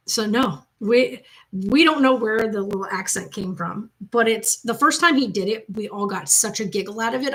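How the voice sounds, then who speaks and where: A woman's voice: medium pitch, low-quality recording. A woman hosting her channel from the loft of her home, chatting casually and rambling as she answers viewer comments. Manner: chatty, rambling, loose storytelling. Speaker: mother and channel host.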